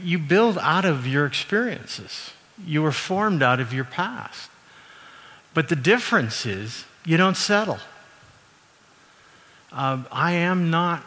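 A middle-aged man from Canada preaching a sermon in a relaxed, conversational way, with frequent fillers and self-corrections. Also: on the high side. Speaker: university president and former minister. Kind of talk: sermon with personal anecdotes. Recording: long reverb from a large hall.

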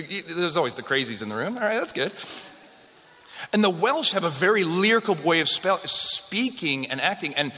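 Lecturing on history to a live crowd, this Western Canadian man keeps it conversational and jokes with the room. His voice is a little high, bright and forceful, with long hall reverb around it.

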